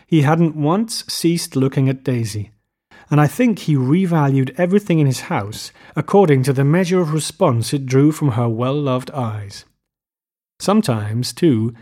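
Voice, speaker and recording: A man reading literary fiction aloud as an audiobook narrator, measured and unhurried. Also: mid-range voice, mellow.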